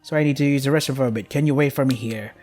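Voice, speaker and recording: A young man reads a game's text aloud in a middle-pitched voice, skimming with "yada yada". He keeps breaking off to swear and grumble in exasperation. Faint music plays underneath. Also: very fast, darkish tone. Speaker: game streamer. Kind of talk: reading game text aloud with frustrated commentary.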